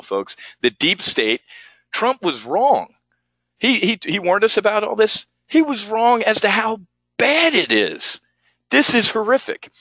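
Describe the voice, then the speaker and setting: A man's voice: mid-range voice, bright, forceful tone, no echo, lo-fi sound. A man hosting a live market commentary show, heated and ranting, tripping over his words as he talks. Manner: heated, ranting and repeating himself. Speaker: trading show host.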